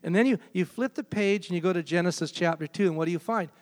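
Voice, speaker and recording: Man preaching a sermon, high voice, long hall reverb; emphatic, hammers key phrases. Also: fast talker.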